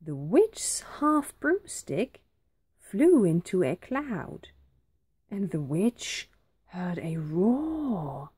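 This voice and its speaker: A woman teacher reading a children's storybook aloud, slow and very expressive. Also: on the low side, breathy edge, dry recording.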